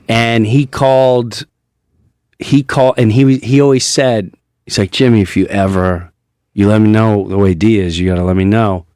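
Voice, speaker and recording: A man's voice: medium pitch, clean tone, dry recording, studio quality. A man with a New York accent, a comedian guest telling a candid personal story on a talk show, earnest and swearing, acting out what others said in changed voices.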